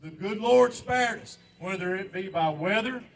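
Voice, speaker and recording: Recorded from afar in an outdoor memorial park, an older veteran from the United States delivers a pleading, impassioned patriotic speech, driving points home by repeating lines. He speaks at a moderate pace in a high voice with vocal fry.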